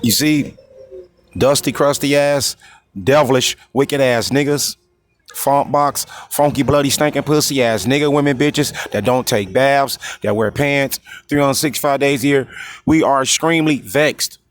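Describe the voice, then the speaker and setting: Profane, fiery male preacher. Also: medium pitch. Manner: reads verses slowly and drawn out; constantly repeats "you see?" and "you know what I mean?". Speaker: street-style preacher.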